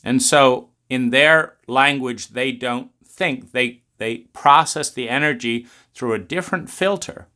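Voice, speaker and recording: A man giving an unhurried philosophical talk, making his points with drawn-out emphasis and pointed rhetorical questions. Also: medium pitch, bright, forceful tone.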